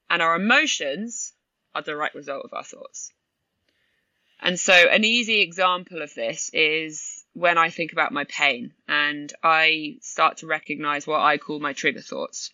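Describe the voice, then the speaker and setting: A woman speaks as a podcast guest, animated and quick to act out her own inner voice. Her tone is bright and forceful. The recording is dry and somewhat dull. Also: low voice, no echo. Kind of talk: conversational storytelling.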